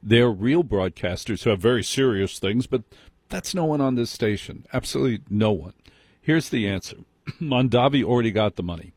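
A man's voice: medium pitch, lively intonation, moderate pace, a little mellow, husky, dry recording. A man hosting a late-night call-in radio show, wry and self-mocking as he chats with callers. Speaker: radio talk show host. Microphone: studio microphone.

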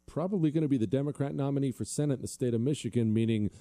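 A man's voice: medium pitch, rapid-fire, dark tone. A male talk show host delivering a combative, sarcastic monologue and reading listener emails.

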